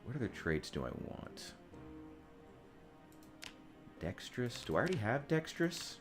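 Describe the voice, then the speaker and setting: Over music, a man from the United States chats casually while streaming a game. His voice is mid-range and sing-song at a normal pace, and he rambles and jokes with lots of swearing and restarts.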